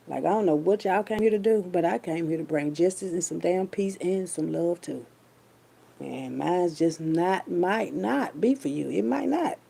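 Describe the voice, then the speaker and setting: Low gravelly woman telling a story. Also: mellow. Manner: chatty, addresses listeners as baby and child; loose and emphatic, heavy slang and swearing. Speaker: vlogger. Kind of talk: casual storytelling monologue.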